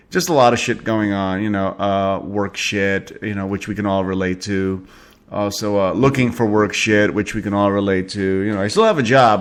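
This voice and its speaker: A man hosting a casual web radio show, talking in a rambling, profane way with lots of fillers. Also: fairly low pitch. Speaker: podcast host. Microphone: home podcast setup.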